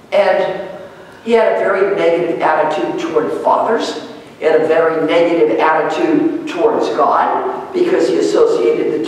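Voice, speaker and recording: A woman's voice: sits low, darkish tone, distant mic, a little hiss or hum. Lady pastor preaching, talks it over with the pews, big echoey church hall. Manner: conversational storytelling, asks the congregation questions. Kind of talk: sermon. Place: church sanctuary.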